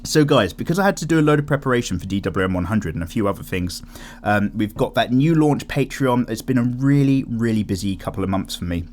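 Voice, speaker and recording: Chatty man with a lively voice. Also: lowish voice, fast, slight background noise. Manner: rambling, animated, chatty. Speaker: YouTube art channel host. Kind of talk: casual chat while drawing.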